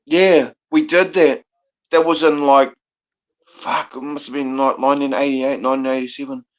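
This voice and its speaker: A man's voice: mid-range voice, steady tone, moderate pace. A man with a New Zealand accent, a guest caller on a live panel, chatting casually in a rambling way with lots of swearing and laughter. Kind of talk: casual chat. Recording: dull lo-fi sound.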